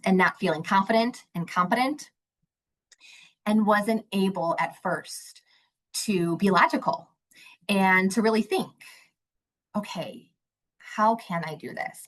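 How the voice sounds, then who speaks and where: A woman's voice: on the low side, low-quality recording. Woman presenting a mental health webinar. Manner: warm, conversational, acts out a child's voice in anecdotes.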